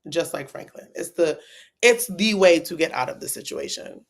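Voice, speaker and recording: A woman co-hosting a casual livestream chat, animated and quick to laugh, swinging between loud and soft. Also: on the low side. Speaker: co-host.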